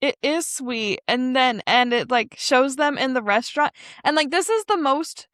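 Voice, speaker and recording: A woman's voice: sits high, lively intonation, moderate pace, fairly bright tone, no room sound, clean studio sound. A woman co-hosting a podcast, chatting casually and animatedly about an anime episode, rambling with fillers and laughter. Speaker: podcast co-host. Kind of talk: casual anime recap chat.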